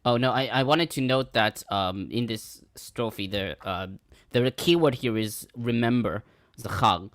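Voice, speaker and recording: A man's voice: mid-range voice, a little slow, a bit bright, dry recording. Careful scholarly man, dry sound. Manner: careful, with frequent ums and restarts. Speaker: scholar giving commentary. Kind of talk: podcast discussion and reading.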